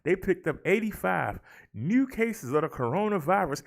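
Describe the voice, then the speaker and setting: Gravelly man calling numbers to viewers. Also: fairly high pitch, big pitch swings, moderate pace. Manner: theatrical, rolls his R's, talks to viewers as y'all. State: out of breath. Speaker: vlog host. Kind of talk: casual chat and daily numbers rundown.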